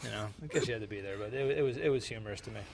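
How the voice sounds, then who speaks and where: A young American man co-hosts a podcast in a casual chat, rambling with plenty of fillers and repeated words. His lowish voice races along with vocal fry, and crowd noise can be heard in the background.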